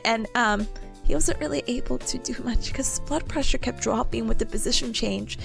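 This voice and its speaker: A woman's voice: high voice, moderate pace, gravelly, fairly bright tone, soft background music. A young woman from New York chatting casually on a stream, telling a story in a rambling, giggly way.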